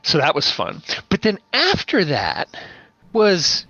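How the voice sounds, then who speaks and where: Animated man with a bright voice, lo-fi sound. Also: on the high side, measured pace, slightly rough, no echo. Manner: animated storyteller, playful voice imitations. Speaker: podcast guest, game master. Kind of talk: casual podcast chat. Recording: dull lo-fi audio.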